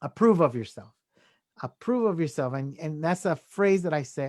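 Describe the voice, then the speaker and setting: Here a male podcast guest with a high-ish, expressive, somewhat dark voice speaks at a normal speed in a studio-quality recording free of room sound. Casual yet earnest, he dispenses self-help advice, often adding "right?" and "you know" with chuckles between points.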